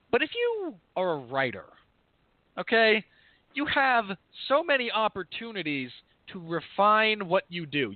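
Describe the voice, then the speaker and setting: A man with a fairly high voice co-hosts a film review podcast, chatting casually in a rambling, candid manner and correcting himself as he goes. His audio sounds tinny and phone-like, dry with no echo.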